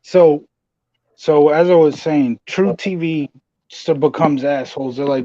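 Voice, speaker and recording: A man's voice: fairly high pitch, fairly even intonation, measured pace, mellow, no room sound, dull audio. A man hosting a podcast, chatting casually and swearing while he retells wrestling scenes. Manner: casual, profane, retells scenes in put-on voices. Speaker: podcast host. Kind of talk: casual wrestling review chat.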